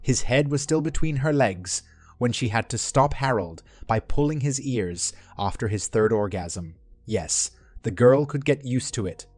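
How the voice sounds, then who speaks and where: A man narrating a written story in an even, steady reading voice. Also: mid-range voice, no echo. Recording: dry voice-over with faint music.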